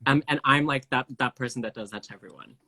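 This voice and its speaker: A man's voice: medium pitch, fast, sharp tone. A man hosting a casual live stream chat, talkative, full of fillers, laughing easily. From Canada. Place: home, video live stream.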